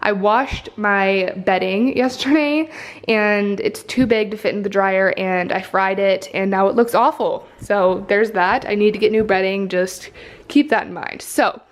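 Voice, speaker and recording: A young woman talks through a casual home tour in an upbeat, chatty way, full of "um" and "like." Her voice sits in a middle pitch, and she holds the camera herself as she moves from room to room indoors. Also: unhurried. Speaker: vlogger. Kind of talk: casual apartment tour vlog.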